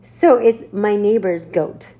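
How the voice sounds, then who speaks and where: A woman co-hosting a podcast, telling a funny story in casual chat, animated, laughing and cursing as she goes. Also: mid-range voice, slow pace. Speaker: podcast co-host.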